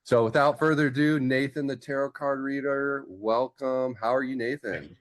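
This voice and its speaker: A man's voice: medium pitch, fairly even intonation, moderate pace, soft background music. A man hosting an interview as a life coach, talking in a friendly, casual, encouraging way.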